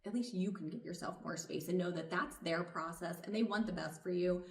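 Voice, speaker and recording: A woman's voice: fairly low pitch, brisk, reverberant, distant mic. A woman therapist, a guest on a podcast, speaking in reassuring, casual conversation and laughing easily. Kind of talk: casual chat.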